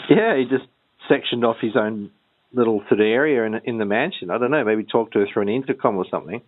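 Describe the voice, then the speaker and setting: A man's voice: mid-range voice, fast. A man co-hosting a comedy podcast, rambling and hesitant in casual chat. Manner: rambling, hesitant, full of ums. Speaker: podcast co-host. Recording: tinny phone-like line with faint noise.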